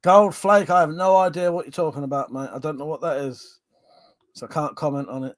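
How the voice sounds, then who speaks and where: A man's voice: on the high side, fairly even intonation, brisk, no echo. Laughing, swearing man reading chat. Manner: chatty and swearing, laughs often, drinking on stream. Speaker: livestream host. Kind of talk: casual chat reading out viewer comments.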